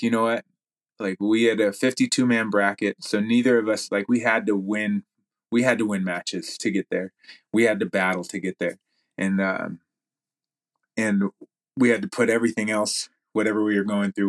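A man speaking as a podcast guest, telling a story in a rambling way with lots of fillers and restarts. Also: on the low side. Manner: rambling, many fillers and restarts, laughs while talking. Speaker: podcast guest, jiu-jitsu athlete. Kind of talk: casual storytelling.

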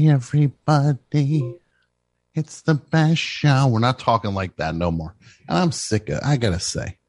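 A man hosts a comedy radio show from a studio mic, riffing brashly and jumping between mock yelling and low mutters. His pitch swings widely and animatedly. The room sound is dry and close. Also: husky, dry recording. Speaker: host.

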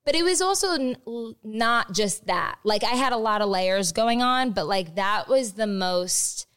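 A woman's voice: medium pitch, animated, unhurried, a bit bright, clean tone. A woman guest on a podcast, chatting candidly, laughing often and swearing freely. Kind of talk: casual chat.

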